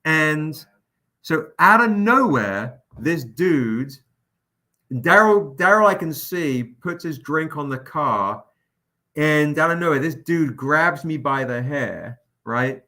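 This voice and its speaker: Man, bright forceful voice, lively swearing storyteller, casual livestream host. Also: on the high side, slow. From England. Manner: animated, profane anecdote-telling. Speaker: comic publisher hosting a livestream.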